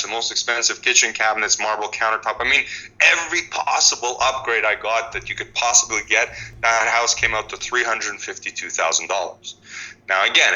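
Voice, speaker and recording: A man in his forties, speaking as a housing expert guest in an interview, telling stories with animated restarts. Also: on the low side, rough recording. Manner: animated storytelling with frequent restarts. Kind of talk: conversational interview.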